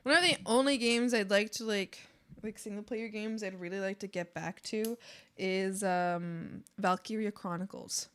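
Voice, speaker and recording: A woman's voice: medium pitch, moderate pace, a bit bright, clear, resonant tone. A young woman streaming live, chatting casually and giggling often as she talks to her viewers and to the animals on screen.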